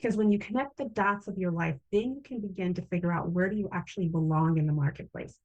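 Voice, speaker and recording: A woman's voice: lowish voice, fast, a little mellow. Woman, interview host, supportive, affirming, slightly dull video-call audio. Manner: supportive, frequent short affirmations. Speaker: summit host, program founder. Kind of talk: interview chat.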